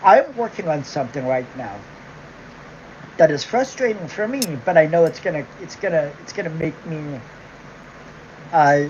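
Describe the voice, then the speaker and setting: A woman's voice: low voice, animated, normal speed, pauses often, a little mellow, a little hiss or hum. A woman hosting a livestream, ranting angrily at her viewers, mocking them with sarcasm and constant swearing. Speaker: livestream host. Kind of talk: profane livestream rant. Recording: dull lo-fi stream audio.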